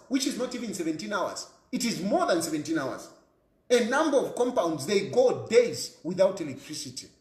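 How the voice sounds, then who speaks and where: Zambian guy ranting about politics, high voice jumping all over, echoey room. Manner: fiery, repetitive rhetorical questions, mixes local language into English. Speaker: political commentator. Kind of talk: impassioned political monologue.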